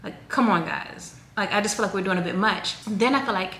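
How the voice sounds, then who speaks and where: A woman's voice: medium pitch, a little fast. Chatty woman in her thirties, echoey room. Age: 30s. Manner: chatty, rambling, animated. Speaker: vlogger. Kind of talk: casual chat to camera. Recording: echoey room with faint noise.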